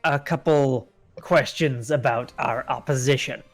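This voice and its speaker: A man playing in a tabletop game, asking polite, measured questions. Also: mid-range voice, soft background music. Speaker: player.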